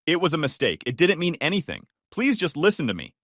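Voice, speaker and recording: A woman's voice: low voice, wildly swooping pitch, fairly quick, no echo, pitched above the performer's own voice, heavily acted. A man voicing a young wife who pleads and panics, in a dry, close recording. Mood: pleading. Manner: pleading, sobbing. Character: wife, young adult woman, pleading and hysterical.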